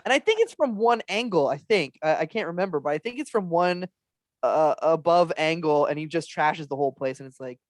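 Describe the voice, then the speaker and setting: Podcast guest dude, swears a ton, laughs constantly, dry close sound. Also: male voice, on the high side, animated, a little fast, no room sound. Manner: profane, laughs a lot, does impressions. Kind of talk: casual chat.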